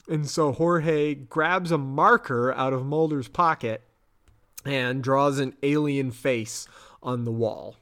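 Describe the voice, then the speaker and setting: A man, a podcast host casually retelling a TV episode, chatty with quick acted-out quotes. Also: mid-range voice, fairly even intonation, clear, resonant tone.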